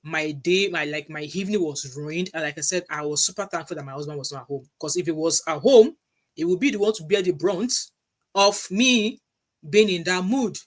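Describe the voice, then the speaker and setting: A woman's voice: fairly low pitch, normal speed. Nigerian-accented woman in her thirties, vlog commentary, emphatic, asks rhetorical questions, mixes in Pidgin. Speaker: vlogger, mother.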